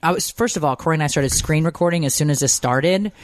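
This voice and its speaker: A woman's voice: sits low, quick pace, no echo, studio quality. A woman hosting a podcast, telling personal stories in a casual, emotional, rambling way with lots of fillers. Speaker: podcast host. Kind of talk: casual chat.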